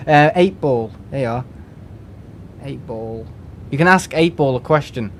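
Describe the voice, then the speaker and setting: A man's voice: medium pitch, lively intonation, a little slow, slight background noise. A man from England chatting casually and rambling on a live game stream from home, with lots of restarts and fillers.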